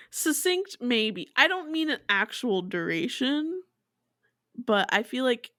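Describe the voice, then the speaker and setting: Lively high-voiced young woman co-host. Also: takes it slowly, no room sound, studio quality. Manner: laughing, animated storytelling with swearing. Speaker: podcast co-host. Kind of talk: casual chat.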